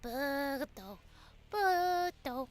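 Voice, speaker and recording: A woman voicing a tiny cute alien creature that chatters its own name in squeaky, chirpy bursts for a voice acting audition. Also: animated, very slow, heavily acted. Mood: excited chattering. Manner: squeaky, chirpy, wildly swooping pitch.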